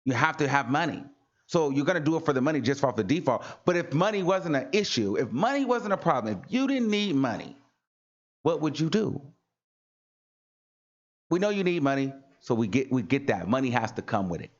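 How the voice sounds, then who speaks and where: A man's voice: medium pitch, sing-song, brisk, lo-fi sound. A man hosting a livestream talk show, speaking in an earnest, preachy way and repeating lines for emphasis. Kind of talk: casual motivational livestream talk.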